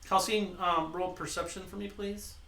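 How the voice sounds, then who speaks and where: A man acting as dungeon master, handing out quick, teasing rulings. His voice sits slightly high and carries echo from a mic set well back in the room. Faint noise hums underneath. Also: steady tone, bright, forceful tone, recorded from a distance. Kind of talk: running a tabletop game.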